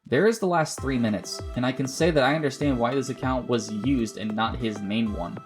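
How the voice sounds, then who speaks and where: A man hosts a commentary video, reading a prepared script with a slightly halting, measured delivery and questions for his viewers. His voice sits in an ordinary middle pitch. Faint background music runs under him. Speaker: YouTube commentary host.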